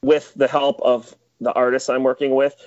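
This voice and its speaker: A man's voice: mid-range voice, moderate pace, no room sound, dull audio. A man music producer chatting in an interview, telling stories animatedly with lots of filler words. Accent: Metro Detroit. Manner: animated storyteller, many "like" fillers. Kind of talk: casual interview chat.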